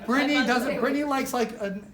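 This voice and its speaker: A woman giving a casual motivational training talk to a live office audience, animated and chatty, filling her speech with "like" and acting out little quotes. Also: high-pitched, fast talker, over a noisy crowd. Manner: animated, chatty, heavy use of "like", acts out quotes. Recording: roomy live room with faint noise.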